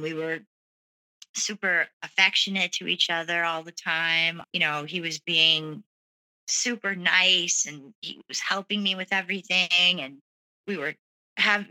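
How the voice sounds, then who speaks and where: Woman telling her own story, super bright tone, lots of you know and like. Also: on the low side, low-quality recording. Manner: earnest, many fillers like 'you know' and 'like'. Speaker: guest sharing a personal story. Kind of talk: candid personal storytelling.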